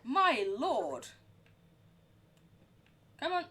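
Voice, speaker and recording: A woman's voice: medium pitch, sing-song, moderate pace. A young woman streaming a horror game, chatting in a giggly, rambling way. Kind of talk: live game commentary.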